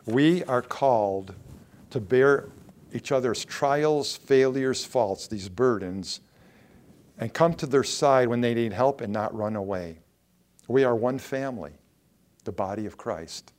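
A man preaching a sermon, reading scripture aloud and explaining it, with emphatic bursts and quiet asides. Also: medium pitch, takes it slowly. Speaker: pastor.

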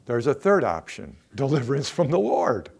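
A man preaching a sermon, earnest, repeating key phrases for emphasis and swinging between quiet and emphatic delivery. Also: mid-range voice, big pitch swings, normal speed, vocal fry, breathy edge. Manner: earnest, repetitive emphasis, rising and falling in intensity.

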